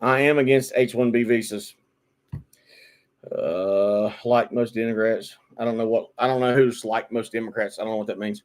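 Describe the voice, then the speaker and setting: A man's voice: on the low side, steady tone, moderate pace. A man giving an opinionated political monologue, repeating words and restarting often, then building to emphatic bursts. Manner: repetitive stammering restarts, rising to emphatic outbursts.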